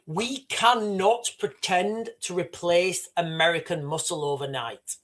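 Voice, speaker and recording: Speaking British English at a measured pace, a man from Britain hosts a casual livestream, addressing viewers directly with emphatic, repetitive talk. His voice sits high and sounds a bit bright.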